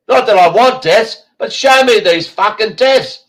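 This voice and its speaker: Man, Australian accent, high voice, heated ranting, blunt, heavy swearing, show host. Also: animated, moderate pace, few pauses, a bit bright, low-quality recording.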